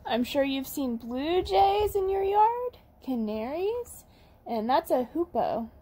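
A woman's voice: high voice, very animated, slow, dark tone. A woman teaching toddlers at storytime, reading aloud in an encouraging, sing-song way. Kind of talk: storytime lesson for young children.

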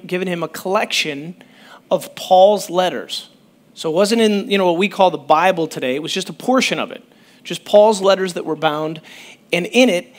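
A man pastor giving a sermon in a conversational, animated way, often breaking off mid-sentence to restart. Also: high-pitched.

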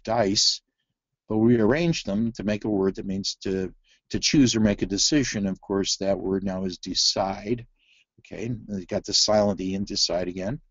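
A reading teacher presents a phonics webinar, walking through word activities in a lowish male voice with many fillers and restarts. The sound is dry with no echo and lo-fi.

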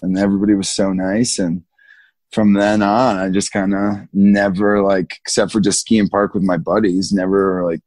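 Laid-back low-voiced man telling ski stories. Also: level tone, moderate pace, darkish tone, dry recording. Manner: laid-back, slangy, laughs often, acts out quotes. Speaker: guest, big mountain skier. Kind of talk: casual storytelling interview.

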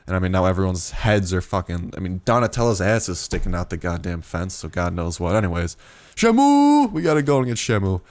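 A young man giving casual let's-play commentary, rambling and excitable, swearing freely and yelping when startled. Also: low-pitched, fast, few pauses, dry recording. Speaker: gaming YouTuber.

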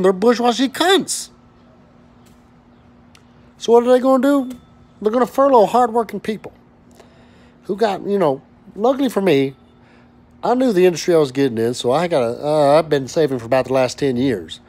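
A fired-up oil and gas worker from West Texas, in his thirties, vlogs an angry, profane rant to camera. His voice is high for a man and a little mellow, and he swears constantly, doubling back and restarting his words. He keeps up the heat of a worker venting.

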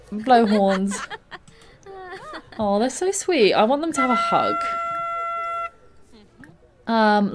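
Gushing woman, lively voice. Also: medium pitch. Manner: gushing, excitable, many exclamations. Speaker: let's play host. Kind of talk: gameplay commentary.

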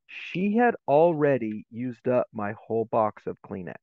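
A man's voice: mid-range voice, unhurried, no echo. Middle-aged man on a tinny call line. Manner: animated, acts out voices in his stories. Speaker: guest educator. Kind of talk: storytelling in a podcast interview. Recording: tinny, phone-like remote line.

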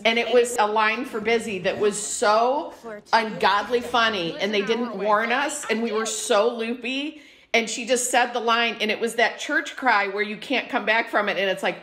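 Woman, animated storyteller, laughing, roomy echo. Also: on the high side, measured pace. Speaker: guest actor. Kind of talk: anecdote on a video call. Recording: echoey room.

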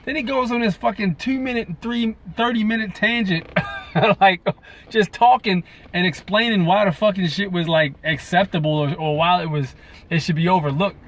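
A video blogger vents to his viewers on camera in a profane, rambling rant. His voice is high-pitched with a steady tone, moving at normal speed.

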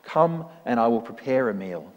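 Man doing a gentle old priest. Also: medium pitch, normal speed, muffled recording, close to an everyday voice. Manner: gentle and calm. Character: kindly, humble old male priest. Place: church. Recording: long church reverb.

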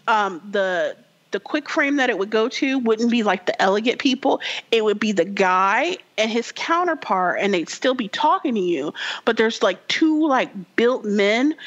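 A woman's voice: a little high, a bit bright, muffled recording. A woman co-hosting a podcast in casual chat, telling a story animatedly with lots of fillers and acting out the characters. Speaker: podcast co-host.

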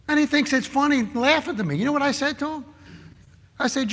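Brief: male preacher, animated anecdotal sermon, bright edgy tone, church-hall reverb. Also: high-pitched, quick pace. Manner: animated storytelling, acts out quoted people.

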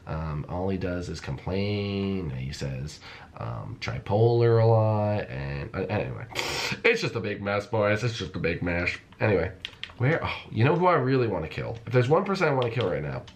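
A young man giving excited, playful commentary on a Minecraft game, repeating phrases and calling the viewers folks. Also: low voice, normal speed, lo-fi sound, slight background noise. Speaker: gaming YouTuber.

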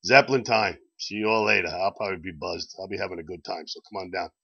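A man's voice: sits low, fairly even intonation, fast talker, vocal fry, sharp tone, husky, highs cut off. A man hosting a casual promotional video chat for his bar, rambling and chuckling as he sways in and out of frame. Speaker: bar owner and vlog host.

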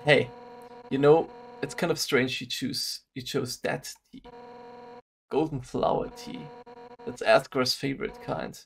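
A man reading a game's lines aloud, voicing a hot-headed female guard captain in a brash, loud, teasing way. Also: mid-range voice, fairly even intonation, a little slow, vocal fry, a little hiss or hum. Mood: reminiscing. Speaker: streamer reading game dialogue aloud. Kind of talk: let's play voice reading.

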